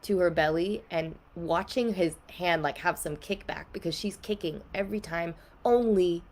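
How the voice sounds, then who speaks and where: A woman's voice: lowish voice, normal speed, a little mellow. A young woman guest on a podcast, candidly telling an emotional personal story in a casual way, with many "like" fillers.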